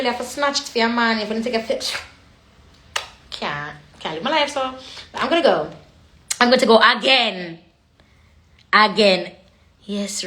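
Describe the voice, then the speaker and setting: A woman's voice: fairly high pitch, sharp tone, reverberant. A young woman with a Jamaican accent, chatting casually to viewers on a livestream from her phone and slipping into patois. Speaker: livestream host.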